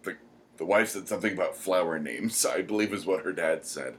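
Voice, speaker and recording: A man with a somewhat low voice talks casually as a podcast co-host. He rambles, pausing often with ums as he gathers his thoughts. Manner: rambling, many "um" pauses. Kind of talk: casual chat.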